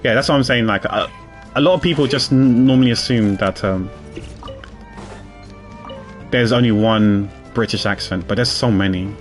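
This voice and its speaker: A man's voice: fairly low pitch, moderate pace, pauses often, faint music behind. A man streaming a game, chatting casually in a rambling way, repeating his words and chuckling. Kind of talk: casual gameplay commentary.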